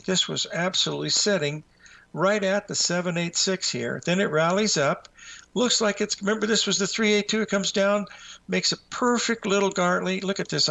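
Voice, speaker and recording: A man's voice: sits high, creaky, bright, forceful tone. A man hosting a live market show, out of breath, rambling as he walks through trading charts and talks to himself.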